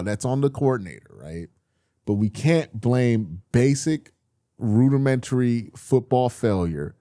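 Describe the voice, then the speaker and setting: A football film breakdown host with a medium-pitched voice reviews game tape casually, recorded dry with clean studio sound. Animated and exasperated, he talks straight to his viewers, calls them y'all, and swears some.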